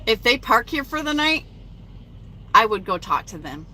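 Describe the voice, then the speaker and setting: A woman's voice: a little high, sing-song, normal speed, pushed and bright, a little hiss or hum. A woman truck driver chatting casually on a phone live stream from her cab at a truck stop, reading viewer comments aloud.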